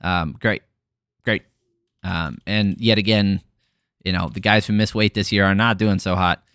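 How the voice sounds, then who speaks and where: A man's voice: on the low side, steady tone, moderate pace, a bit bright, smooth, no room sound, clean studio sound. A man hosting a casual fight recap, talking bluntly with frequent swearing and filler words. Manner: blunt, frustrated, swears freely, many fillers. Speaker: MMA podcast host.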